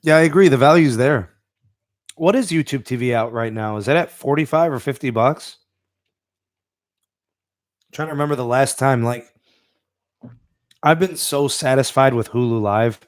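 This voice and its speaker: A man's voice: medium pitch, normal speed, pauses often, dry recording. Casting: easygoing male podcast host, mid-range voice, dry close mic, loose chatty delivery. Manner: laid-back, reads out live chat, many fillers. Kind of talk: live-stream podcast chat.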